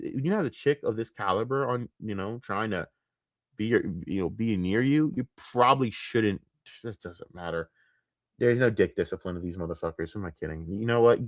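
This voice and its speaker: A lowish male voice, heated and profane, venting at length on a commentary stream. The sound is close and dry, with no room behind it. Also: dry recording. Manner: profane, heated, exasperated ranting.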